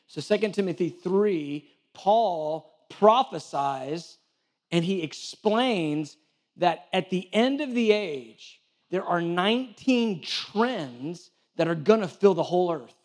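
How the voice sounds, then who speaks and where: A man with a high-pitched voice delivers a sermon. He talks casually and acts out imagined back-and-forth conversations. He often stumbles and restarts his sentences as he goes. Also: lively intonation, takes it slowly. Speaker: church director preaching.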